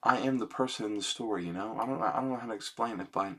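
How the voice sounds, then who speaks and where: A man talking casually into his computer's webcam mic, rambling and self-conscious and often adding "man" and "you know", then quietly reciting his own song lyrics. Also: fairly low pitch, quick pace, slightly rough. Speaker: amateur songwriter.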